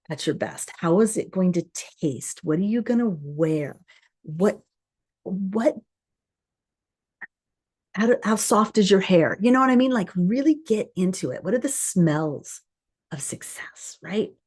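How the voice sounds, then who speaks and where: A woman coaching a live group through a self-improvement lesson. Her voice sits a little low and sounds mellow and warm. She talks earnestly and conversationally, often restarting her sentences. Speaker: course host.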